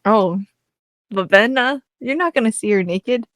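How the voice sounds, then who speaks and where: A woman's voice: on the high side, lively intonation, measured pace, no room sound, studio quality. A woman co-hosting a casual book-discussion podcast, teasing and giggling as she argues her theory, on a microphone. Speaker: podcast co-host. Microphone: studio mic.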